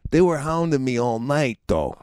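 A man's voice: medium pitch, lively intonation, normal speed, darkish tone, smooth, no echo. A middle-aged comedian co-hosting a podcast in casual chat, emphatic and profane, stammering as he builds up to his punchlines.

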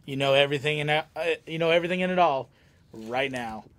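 A man's voice: a little high, fast, a bit bright. A man hosting a live autograph signing stream in casual chat, laughing and joking often.

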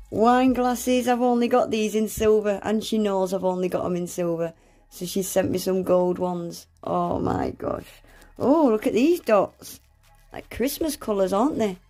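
With a medium-pitched, dark voice, a woman opens nail art supplies on an unboxing vlog. She chats casually but gushes, exclaiming and gasping, "oh my gosh" after "oh my gosh."

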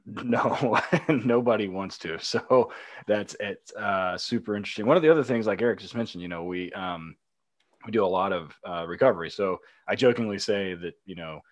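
A man hosting a podcast, a police dog handler himself, chatting in a relaxed way and laughing easily. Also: lowish voice, moderate pace, dry recording. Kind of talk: casual chat.

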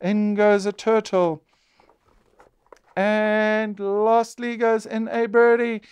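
A man's voice: high-pitched, little pitch movement, takes it slowly, smooth. A man presenting a board game show, narrating each turn play-by-play and exclaiming as pieces come out.

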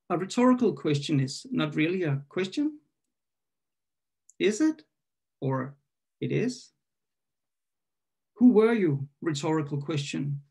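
Gravelly, husky man reading poetry. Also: a little high, darkish tone. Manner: halting and self-correcting when introducing, measured and questioning when reading. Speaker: poet reading his own work. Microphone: video call.

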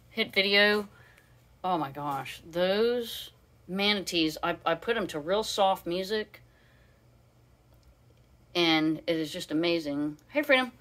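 Woman vlogger, bright and sharp, chatty and rambling, talking live from her home. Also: medium pitch. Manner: chatty and rambling, with many fillers and asides to her parrot. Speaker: vlogger hosting a live stream. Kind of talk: casual live show-and-tell.

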